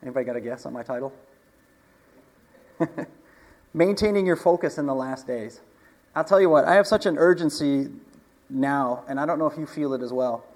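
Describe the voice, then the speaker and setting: A man's voice: medium pitch, normal speed, long pauses, a little mellow. A man preaching a casual sermon, talking conversationally, asking the congregation questions and chuckling often. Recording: long hall reverb.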